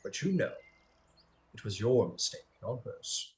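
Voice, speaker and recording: A man doing a quiet, probing old sphinx. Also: lowish voice, sing-song, low-quality recording. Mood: coolly probing. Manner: quiet, measured, persuasive questioning. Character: ancient male sphinx judging mortals, calm and probing.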